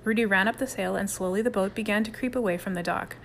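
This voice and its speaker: A woman reading a children's novel aloud in calm, even narration. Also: mid-range voice, quick pace, a little hiss or hum. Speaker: audiobook reader. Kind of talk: scripted narration.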